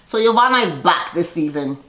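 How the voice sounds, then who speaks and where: A woman's voice: lowish voice, reverberant. A woman casually recapping a reality TV episode, chatty and sassy, laughing often and acting out quoted lines.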